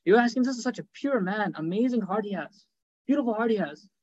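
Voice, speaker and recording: A man preaching a sermon, telling stories fast with acted quotes and rhetorical questions. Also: high voice, expressive, a little mellow, lo-fi sound. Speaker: Islamic preacher.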